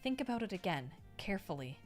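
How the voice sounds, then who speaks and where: A woman's voice: medium pitch, big pitch swings, fast talker, faint music behind, natural voice. A woman reading aloud and voicing a stern, exasperated male elder who presses hard and snaps with impatience. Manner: sharp, impatient, snapping.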